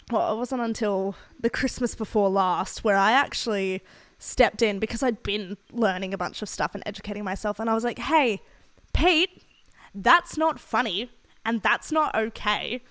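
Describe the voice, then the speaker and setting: A young Australian woman telling frank, animated stories in a casual podcast chat. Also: medium pitch, moderate pace, smooth, no room sound. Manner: frank, animated storytelling with laughs. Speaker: podcast co-host.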